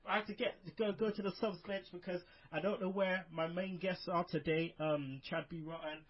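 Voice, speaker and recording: A man's voice: high-pitched, steady tone, normal speed. A man hosting a casual wrestling podcast, rambling with lots of fillers in an upbeat way, over a muffled online call. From United Kingdom. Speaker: podcast host.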